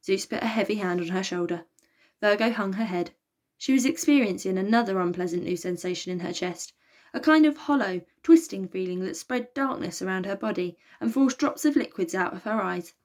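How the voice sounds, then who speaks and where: A woman reading a children's novel aloud, in a lively, expressive way. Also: mid-range voice, fairly quick. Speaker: storybook reader.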